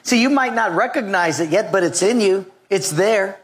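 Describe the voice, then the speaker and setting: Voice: medium pitch, lively intonation, moderate pace, breathy edge. A pastor preaching a humorous sermon to a live congregation, telling funny stories and drawing call-and-response from the crowd. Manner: humorous storyteller, jokes with the congregation; leads call-and-response with the audience.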